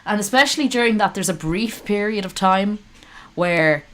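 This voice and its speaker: A woman's voice: medium pitch, lively intonation, moderate pace, a bit bright. A woman streaming live, reacting to a call with sarcastic, profane, rambling commentary.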